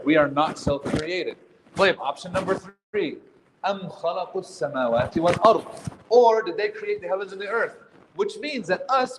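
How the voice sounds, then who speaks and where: A man's voice: on the high side, slight background noise. A man leading a workshop as its teacher, speaking in a conversational way, quizzing the audience and throwing in jokes. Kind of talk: interactive workshop lecture. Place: workshop room with a live audience.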